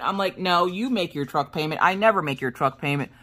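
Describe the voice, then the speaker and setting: A woman's voice: lowish voice, fairly quick, few pauses. A woman vlogging about her crafts in casual chat, telling stories with lots of laughter and acting out what people said. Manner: animated storyteller, laughs often, acts out dialogue.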